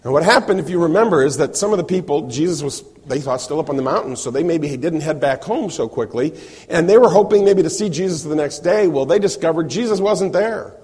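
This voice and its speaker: A man's voice: fairly high pitch, a little fast, husky, big-room sound. A man preaching a sermon as a pastor, explaining a passage and acting out the voices he quotes. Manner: animated, acts out quoted voices.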